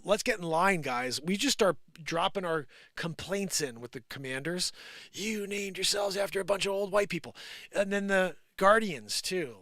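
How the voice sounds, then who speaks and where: A man hosting a live stream, ranting in an improvised and sarcastic way, swinging from loud outbursts to low muttering. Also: no echo, studio quality. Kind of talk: improvised live opinion rant.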